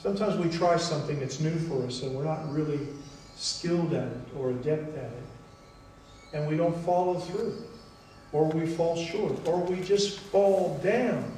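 A man delivers a sermon in an unhurried, emphatic way, leaning on key phrases between long pauses. His voice sits a bit high and rings through a very echoey hall, picked up from some distance with faint room noise behind. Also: mellow. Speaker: pastor.

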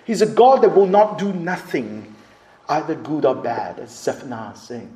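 A man's voice: fairly high pitch, very animated, unhurried, warm tone. A male preacher telling a dramatic story in a sermon, with emphatic delivery. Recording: echoey room.

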